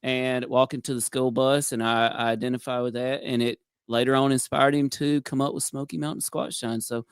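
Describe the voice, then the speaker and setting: A man's voice: mid-range voice, level tone, brisk, few pauses, clear, resonant tone, dry recording, clean studio sound. A man in casual group chat, friendly and enthusiastic. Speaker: guest contestant.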